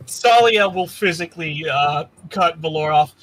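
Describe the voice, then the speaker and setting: A man player at a tabletop game, speaking hesitantly with frequent pauses. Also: sits high, bright, forceful tone, low-quality recording.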